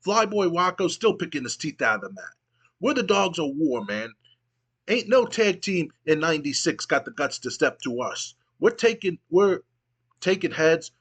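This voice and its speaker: A man's voice: on the high side, fairly bright tone, husky, full character voice. A man doing a tough wrestler cutting a menacing promo. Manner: growling threats. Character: tough male wrestler, menacing tag-team bruiser.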